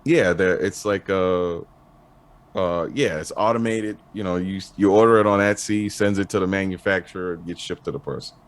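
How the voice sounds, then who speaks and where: A man talking as an interview guest in casual chat, laid-back and halting, swearing casually. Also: low voice, steady tone. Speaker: interview guest, clothing designer.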